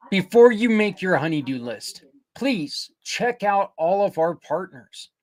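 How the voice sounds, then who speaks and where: An older man hosting a podcast, earnestly pitching community partners in a rambling, casual way with many restarts. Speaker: podcast host. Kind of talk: casual promotional talk.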